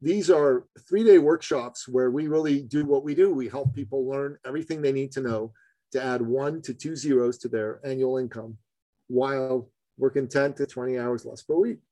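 A man's voice: normal speed, no echo, low-quality recording. Chummy man telling a story. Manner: animated, swings pitch widely for emphasis; chummy, calls the host buddy and brother. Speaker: entrepreneur guest. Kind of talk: storytelling in a podcast interview.

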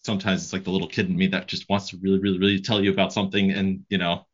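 A man hosting a business podcast talks in a relaxed, easygoing way. His voice is very low, and the recording sounds slightly dull and lo-fi. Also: very fast. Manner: relaxed, thinking aloud, recommending books. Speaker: podcast host. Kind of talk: casual interview chat.

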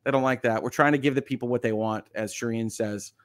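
A man's voice: medium pitch, steady tone, fast, a bit bright, dry recording, studio quality. Man hosting a live news stream. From United States. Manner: hesitant, many fillers and restarts, chuckles often. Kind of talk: live-stream news commentary reading viewer chat.

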